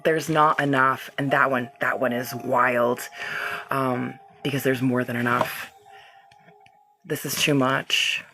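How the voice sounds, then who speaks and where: A woman's voice: very deep voice, steady tone, slow pace, pushed and bright, faint music behind. A woman hosting a live-streamed reiki healing session. She talks straight to her viewers and reads out their comments in a loose, chatty way, laughing often. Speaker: reiki healer hosting a livestream.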